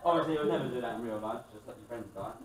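A man's voice: mid-range voice, racing, a loud crowd. A man doing a crude, wry stand-up set and hosting the show, mocking people in quoted voices. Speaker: stand-up comedian and show host. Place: live comedy venue, echoey room with loud music. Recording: echoey live room, distant mic, loud music.

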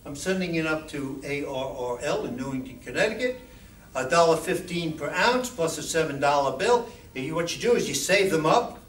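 A man's voice: on the high side, expressive, normal speed. Man, guest speaker, informal club talk, asks the audience questions, echoey room, distant mic.

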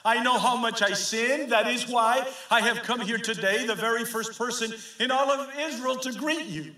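A man's voice: extremely high pitch, normal speed, pushed and bright, pitched above the performer's own voice. A man preaching a sermon voices a remorseful man who hurriedly pleads for forgiveness, read aloud in a church. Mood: pleading. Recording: echoey church sanctuary.

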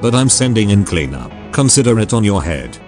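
A man's voice: fairly low pitch, fairly quick, faint music behind. A man's synthetic text-to-speech voice reading the lines of a cold, ruthless male spy handler. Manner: flat synthetic delivery.

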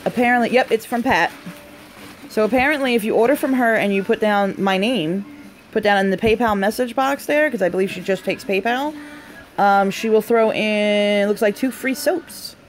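Young woman doing a live unboxing, chatty, keeps gasping "holy cow" type stuff, mid pitch, bit of faint background noise. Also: normal speed. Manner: chatty and excitable, frequent delighted exclamations; breaks off to talk to family off camera. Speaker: unboxing vlogger hosting a live stream. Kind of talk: casual live unboxing chat.

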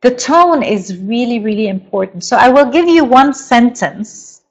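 Middle-aged woman teaching a parenting webinar, slow careful delivery, stresses words for emphasis. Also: on the high side, lively intonation, highs cut off. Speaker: parenting hypnosis coach. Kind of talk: webinar lecture.

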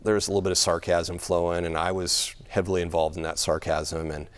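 A man's voice: low-pitched, little pitch movement, a little fast. A middle-aged man preaching a sermon in a church, conversational, laughing often and repeating words as he thinks. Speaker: pastor.

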